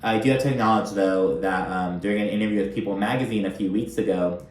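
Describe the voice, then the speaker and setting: A man's voice: on the low side, fast, reverberant, faint music behind. A man giving a casual, chatty recap of a reality show, swearing freely and acting out the cast's lines. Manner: chatty, animated, swears often, acts out quotes.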